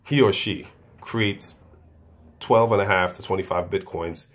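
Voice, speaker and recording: A man giving an unscripted explanation to viewers, talking haltingly and often restarting and repeating words. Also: low-pitched.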